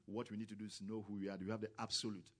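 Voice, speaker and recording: A male preacher delivering a sermon in a somewhat low voice. He talks with grammar and acts out the voices he quotes. His delivery is emphatic and keeps building to loud exclamations. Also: little pitch movement, racing.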